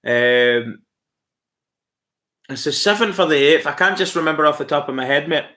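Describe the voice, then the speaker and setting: Speaking at normal speed in a fairly high, pushed and bright voice, this livestream host from Scotland chats casually with his Scottish accent. He answers viewer comments warmly, calls them mate and laughs a lot.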